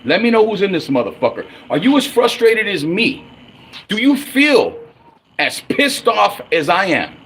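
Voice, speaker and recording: A man's voice: high voice, very animated, a little slow, fairly bright tone, a little hiss or hum. A man in his forties ranting angrily and profanely as a fan on his own livestream. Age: 40s. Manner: angry, profane, blunt. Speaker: livestream host.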